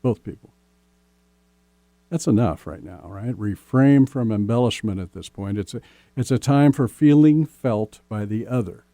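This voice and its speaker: Mellow, gentle male relationship coach. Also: fairly low pitch, no room sound. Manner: gentle, slow, many "right?" tags. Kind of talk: casual podcast advice.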